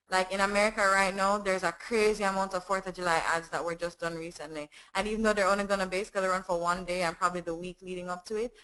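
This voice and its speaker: A woman with a Jamaican accent, a voiceover artist chatting casually in an interview, talking quickly with tag questions. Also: medium pitch, sharp tone, low-quality recording.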